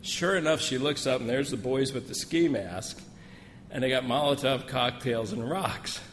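Folksy male preacher with a mid-range voice, relaxed sermon storytelling, recorded in a hall with long reverb. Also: medium pitch, moderate pace. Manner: folksy, joking storyteller, many asides. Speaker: missionary speaker. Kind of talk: sermon with personal stories. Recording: long hall reverb, faint room noise.

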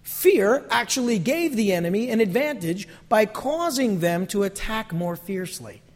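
A man's voice: high voice, lively intonation, moderate pace, long reverb tail. A man preaching a sermon as a pastor, acting out little voices and sometimes dropping to a near whisper.

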